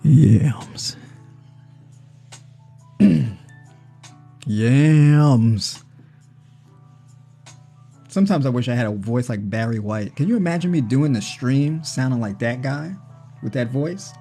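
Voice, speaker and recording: A man's voice: mid-range voice, lively intonation, a little fast, warm tone, breathy edge, faint music behind. Joking livestream host, man. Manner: joking, conversational, tags with "right?" and "you know". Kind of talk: casual livestream chat on diet. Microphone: personal mic.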